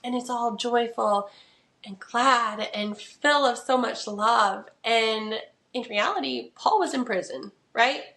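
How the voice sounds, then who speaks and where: A young adult woman hosts a podcast, speaking slowly in a creaky, sharp-toned voice on the high side, recorded in an echoey room. She talks earnestly and chattily about faith and mindset, peppering her speech with "like" and "right."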